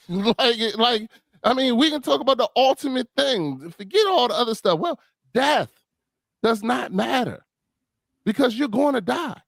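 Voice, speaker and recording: A man talking about faith in a casual discussion, animated and full of conviction, often restarting his phrases. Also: extremely high pitch, unhurried, creaky, no echo.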